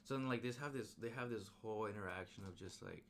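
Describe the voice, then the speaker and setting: A young man recapping a film in a casual, excited ramble, full of slang and fillers. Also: lowish voice, fast talker, a little hiss or hum. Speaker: movie reviewer.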